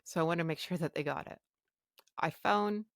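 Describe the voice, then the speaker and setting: Gravelly low-voiced woman. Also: normal speed, no room sound, clean studio sound. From Canada. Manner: blunt, frank, acts out quoted dialogue. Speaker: podcast host. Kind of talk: candid personal storytelling.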